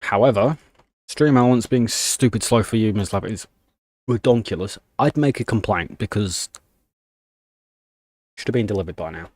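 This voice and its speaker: A man's voice: on the low side, normal speed, long pauses, a little mellow, no room sound. A young man chatting casually on a live stream, ranting in annoyance while typing commands at his desk. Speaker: livestreamer.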